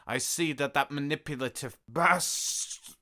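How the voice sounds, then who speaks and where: A man's voice: fairly high pitch, measured pace, bright, forceful tone. A man playing a proud, theatrical emperor in a fan audio drama, speaking in a pompous, sarcastic way.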